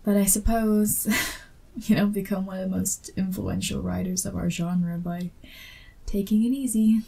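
A woman's voice: medium pitch, steady tone, a little slow, vocal fry, warm tone, breathy edge. A woman voicing an awkward young female fan who meets her favorite author, in a whispered role-play with self-deprecating, apologetic chatter. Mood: flustered.

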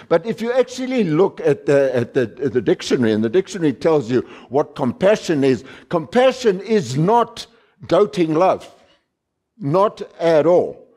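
Slow, emphatic male preacher. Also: a little high. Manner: slow, emphatic preaching with lively rises on key words; repeats phrases and restarts with fillers. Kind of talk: sermon.

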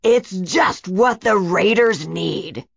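A woman voicing Brackus, a smug, scheming male villain and inventor in a children's storybook, speaking loudly and boastfully. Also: medium pitch, animated, takes it slowly, creaky, dry recording, clean studio sound, exaggerated voice. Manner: loud, boastful.

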